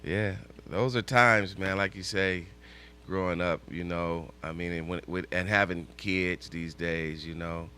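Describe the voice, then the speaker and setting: A man's voice: low-pitched, fairly even intonation, measured pace, pushed and bright, clean tone. A male talk show co-host chatting casually and rambling with lots of fillers.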